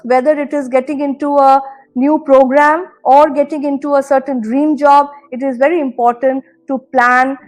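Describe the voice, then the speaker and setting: A woman with an Indian English accent lectures students in an earnest, advisory tone, her voice sitting high. She leans on key phrases and repeats them for emphasis. Faint music plays softly underneath. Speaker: university administrator giving a talk. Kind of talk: motivational career lecture.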